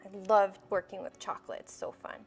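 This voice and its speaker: Soft music plays behind a young woman whose mid-range, gravelly voice stays level in tone and moves a little fast. She hosts a live baking demonstration for kids, talking straight to the children at home in a bubbly, coaxing way.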